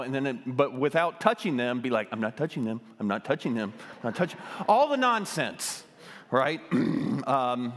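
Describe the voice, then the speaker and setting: A man's voice: mid-range voice, a bit bright, long reverb tail. A man giving a conversational sermon, telling a childhood story with lots of ums and self-deprecating humor.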